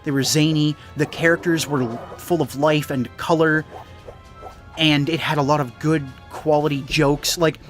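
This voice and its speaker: A man's voice: a little high, steady tone, moderate pace, fairly bright tone, soft background music. A young man with a Canadian accent, a gaming YouTuber rambling through casual chat and often correcting himself. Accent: Canadian English.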